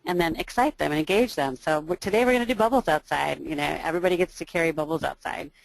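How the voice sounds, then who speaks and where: A woman, an early childhood teacher, giving a training talk to educators with a booming voice, listing strategies with frequent ums and you knows. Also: fast talker, gravelly, no room sound, low-quality recording. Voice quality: loud, booming voice.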